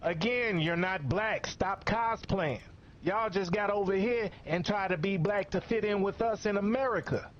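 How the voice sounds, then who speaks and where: High pitched guy cussing and scolding, kinda muffled audio. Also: normal speed, slight background noise. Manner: profane, scolding, repetitive. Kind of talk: angry commentary rant. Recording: muffled lo-fi recording.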